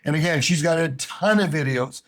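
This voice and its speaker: A man's voice: a little high, moderate pace. A man coaching English learners in a casual, emphatic talk, often repeating his key points. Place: home in Brazil.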